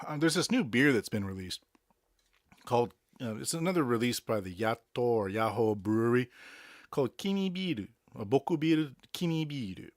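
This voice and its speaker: A Boston man with a Boston accent hosts a casual solo podcast in Tokyo, rambling about songs with many fillers. His voice is medium-pitched, and the recording is studio quality with no echo.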